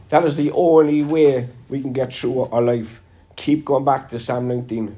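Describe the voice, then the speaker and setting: A man's voice: medium pitch, fairly even intonation, normal speed, mellow. A man with a Cork accent preaching a sermon, congested from a sinus infection, earnest with a lilting delivery and some self-deprecating humor. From Ireland. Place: church.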